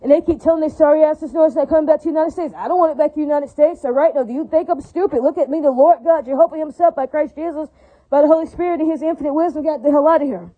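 A woman's voice: high-pitched, racing, narrow, tinny audio. A woman giving an angry, profane monologue rant, heated and preachy, with lots of repetition.

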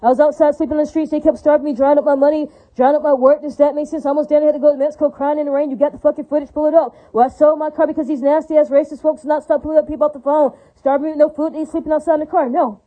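A woman rattles off a rambling religious rant at a rapid clip, her voice high. She is repetitive, profane and preachy. The sound is narrow and tinny, like a phone call. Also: flat delivery.

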